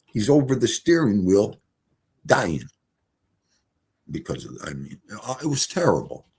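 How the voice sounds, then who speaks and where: Middle-aged male streamer, lively storyteller, husky voice, swings between shouts and mutters. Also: on the low side, a little slow. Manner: animated, swings from loud exclamations to quiet mutters. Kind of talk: casual storytelling livestream.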